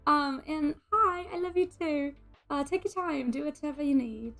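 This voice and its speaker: A woman's voice: sits high, moderate pace, fairly bright tone, soft background music. A woman streamer in casual, bubbly chat, greeting and thanking her viewers by name.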